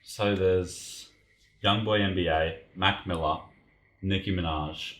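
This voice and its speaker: A man's voice: sits low, fairly even intonation, slow, fairly bright tone, roomy sound. A man co-hosting a podcast, running a quiz in casual banter, swearing freely and laughing often. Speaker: podcast co-host.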